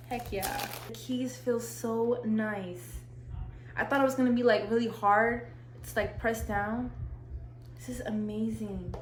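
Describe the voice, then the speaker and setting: Excitable young woman in an echoey room. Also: a little high, unhurried. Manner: excitable, gushing, slangy. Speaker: vlogger. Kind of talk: casual unboxing vlog. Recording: echoey room, faint hiss.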